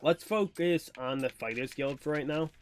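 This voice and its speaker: A man's voice: fairly high pitch, normal speed, clean tone. A male streamer giving casual gameplay commentary, rambling and thinking aloud.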